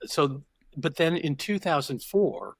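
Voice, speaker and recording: His voice is a little high, sing-song, gravelly and edged with breathiness, delivered at a slow pace in a dry recording. He is an older man guesting on a podcast, telling stories in a reflective, digressive conversational interview with frequent sentence restarts.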